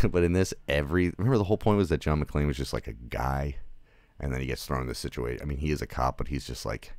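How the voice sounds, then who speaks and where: A man's voice: very deep voice, fast talker, darkish tone, dry recording. A man who teaches film, talking through a casual review in a rambling, loose way with laughing asides and lots of fillers.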